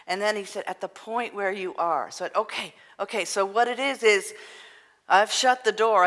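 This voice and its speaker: Woman pastor preaching soft and earnest, lowish voice, big echoey church. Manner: gentle, earnest, soft-spoken at times. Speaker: minister. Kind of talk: sermon. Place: church sanctuary. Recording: long reverb of a hall.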